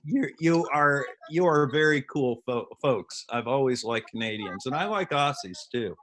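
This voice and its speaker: A man's voice: medium pitch, animated, moderate pace, a bit bright. A man in casual chat, easygoing and friendly.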